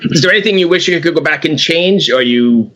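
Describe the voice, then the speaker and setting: A man's voice: on the high side, lively intonation, quick pace, a bit bright. A man hosting a podcast, asking a guest questions in an easygoing way. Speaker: podcast host. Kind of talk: interviewing.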